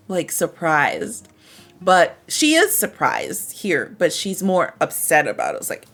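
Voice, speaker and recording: Woman English teacher, lowish voice, acts out examples, faint music under it. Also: moderate pace. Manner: acts out example lines with lively shifts of tone. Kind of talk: explaining phrases from a story.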